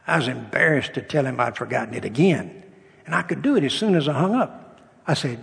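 A man's voice: medium pitch, animated, moderate pace, creaky, long pauses, fairly bright tone, slightly rough. An older man, a pastor, preaching a sermon in a folksy storytelling way, with humor and acted-out dialogue. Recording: long reverb of a hall.

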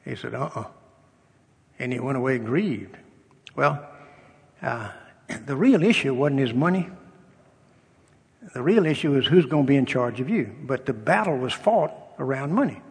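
A man's voice: medium pitch, lively intonation, moderate pace, long pauses, darkish tone, breathy edge. An older man, a pastor, preaching a sermon in a folksy storytelling way, with humor and acted-out dialogue. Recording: long reverb of a hall.

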